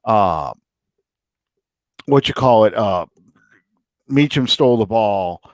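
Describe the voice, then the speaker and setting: A middle-aged man co-hosting a casual sports chat from home, rambling and excitable as he tells his stories. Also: fairly low pitch, slow pace, dry recording. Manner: excitable, rambling, animated storyteller. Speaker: podcast co-host. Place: home, room with a TV.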